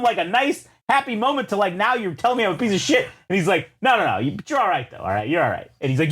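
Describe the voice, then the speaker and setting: A male podcast co-host with a slightly high, very lively voice that swoops up and down as he spins a rambling tale. He swears freely and slips into the voices of the people in his story. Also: racing, hardly any pauses, breathy edge. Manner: animated, swearing, acts out characters in his story. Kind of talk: casual chat, storytelling.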